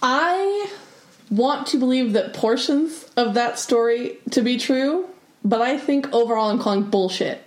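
Woman, podcast co-host, playful casual chat, lively high voice, roomy echo. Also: measured pace. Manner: playful, laughs easily. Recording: echoey room.

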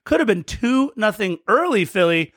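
A man's voice: high-pitched, sing-song, normal speed, fairly bright tone, no echo, studio quality. A man co-hosting a podcast, chatting through a match recap in a storytelling, play-by-play way. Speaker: podcast co-host.

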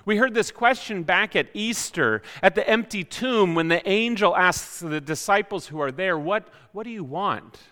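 Bright-voiced man preaching in a reverberant hall. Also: high voice, normal speed, hardly any pauses. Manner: reflective, many rhetorical questions. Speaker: pastor. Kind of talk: sermon.

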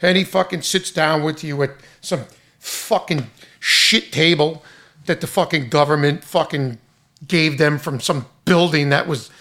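A man who runs a restaurant, angrily venting in a loud, profane, exasperated rant. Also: on the high side, unhurried.

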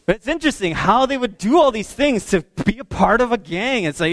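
A man preaching a sermon, telling stories in an animated way and acting out the voices of the people in them. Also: sits high, fairly quick, no room sound. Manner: animated storytelling, acts out voices. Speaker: pastor.

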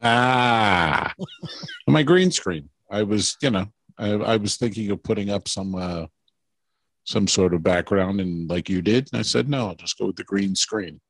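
A man's voice: on the low side, a little slow, no room sound. A man co-hosting a podcast in casual chat, rambling through stories and laughing as he tells them. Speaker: podcast co-host.

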